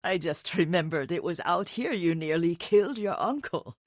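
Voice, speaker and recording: An actress voicing an elderly, devoted nursemaid of a samurai household, motherly and gently scolding. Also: lowish voice, lively intonation, moderate pace, no room sound, studio quality, natural voice. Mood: fond. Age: older. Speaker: old servant of a samurai household.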